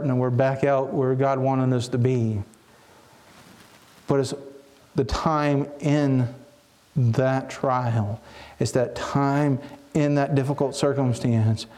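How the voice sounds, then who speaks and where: A man's voice: medium pitch, a little mellow. Earnest man preaching a reflective sermon. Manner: earnest, reflective, with frequent restarts.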